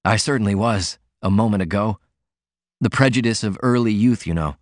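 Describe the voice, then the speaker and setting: A man's voice: fairly low pitch, moderate pace, no echo, clean studio sound, natural voice. A man voicing a proud, poor young man who talks earnestly and defensively.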